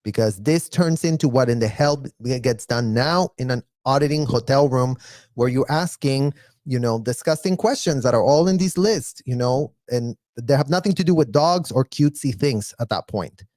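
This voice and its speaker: A man giving casual, blunt reaction commentary, animated and mocking, with mild profanity. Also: mid-range voice, normal speed, no room sound, clean studio sound. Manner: animated, mocking, mimics others in exaggerated voices. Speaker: live reaction streamer.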